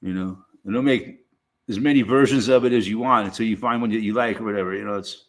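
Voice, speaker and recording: A man streaming a casual monologue, rambling and swearing freely, with lots of halting restarts and "you know". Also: lowish voice.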